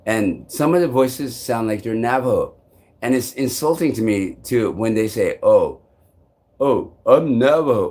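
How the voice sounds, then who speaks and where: A man is vlogging on a live stream, rambling restlessly and swearing often as he alternates between loud outbursts and low mutters.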